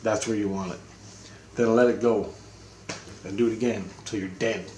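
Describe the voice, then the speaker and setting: A man's voice: on the low side, steady tone, normal speed, darkish tone, roomy sound, slight background noise. A man giving a rambling, casual spiritual monologue at home, swearing and repeating himself. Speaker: spiritual vlogger. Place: apartment, indoors.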